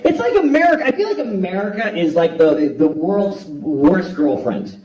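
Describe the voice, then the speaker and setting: A man's voice: high-pitched, sing-song, moderate pace, a little mellow, some chatter behind. A man doing a blunt, profane stand-up comedy routine on a theater stage, acting out voices for a live audience. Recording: echoey hall, distant mic, audience laughter.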